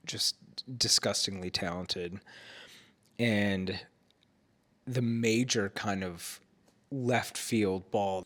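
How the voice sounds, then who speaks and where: A tired man speaks with a congested, stuffed-up nose, his voice sitting a little low. He talks slowly and rambles with fillers as he recaps the night from home in a casual vlog. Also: a bit bright. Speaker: vlogger.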